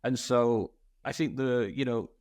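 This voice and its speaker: A man co-hosting a podcast, chatting casually and telling a story with lots of fillers and rising excitement. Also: medium pitch, measured pace. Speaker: podcast co-host. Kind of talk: casual chat.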